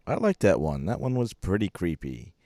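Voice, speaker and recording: A man's voice: low-pitched, sing-song, normal speed, dark tone, dry recording. A man hosting a podcast, introducing callers in a laid-back, wry way. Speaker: podcast host. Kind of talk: casual hosting between calls.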